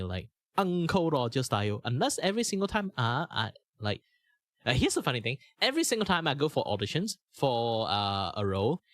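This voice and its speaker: A man's voice: lowish voice, a bit bright, no room sound. A young man from Malaysia chatting casually as a streamer, with flowing, rambling speech full of fillers and restarts, recorded on a good mic in a sound-treated home studio. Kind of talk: casual chat.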